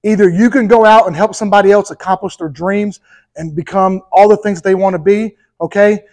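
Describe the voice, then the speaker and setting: High-voiced man preaching emphatically. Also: a little fast, poor audio. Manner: energetic, emphatic preaching with rising intensity; addresses the congregation directly, with repeated "okay?" and "right?". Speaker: pastor. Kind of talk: sermon.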